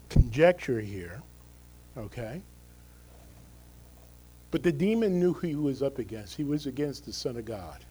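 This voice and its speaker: A man's voice: a little high, warm tone, husky, rough recording. A male pastor giving a conversational, emphatic sermon, often checking in with the congregation through tag questions.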